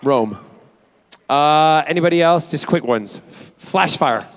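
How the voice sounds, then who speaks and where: A man's voice: fairly high pitch, lively intonation, unhurried. A man, answering fan questions on a convention panel in a playful, chatty way. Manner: playful, chatty, self-teasing. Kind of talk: casual Q&A with fans. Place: convention hall stage.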